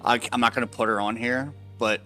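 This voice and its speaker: A man narrating as dungeon master, unhurried and hesitant with many pauses and fillers. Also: mid-range voice, steady tone, pushed and bright, soft background music. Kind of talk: narrating a tabletop game.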